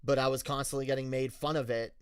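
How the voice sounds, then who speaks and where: A male streamer telling a story in a candid, halting way, often restarting his sentences. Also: mid-range voice, level tone, clear, resonant tone, no echo. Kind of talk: casual storytelling rant.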